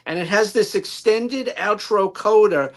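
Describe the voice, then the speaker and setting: A man's voice: sits high, normal speed, fairly bright tone. A man with a New York accent presenting a prepared album review from his notes on a live-stream panel, detailed and enthusiastic.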